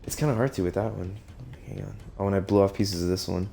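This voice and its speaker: A man's voice: sits low, fairly even intonation, fast, vocal fry, dark tone, a little hiss or hum. A young man gushing and swearing through casual commentary while streaming a video game, laughing often. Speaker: gaming streamer. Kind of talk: casual let's-play commentary.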